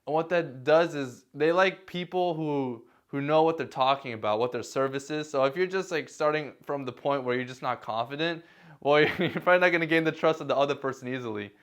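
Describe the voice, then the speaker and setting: A man's voice: fairly high pitch, fairly quick. A man vlogging casual advice in a self-deprecating way, chuckling now and then. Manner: self-deprecating, many fillers and restarts, chuckles. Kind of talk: casual talking-head advice.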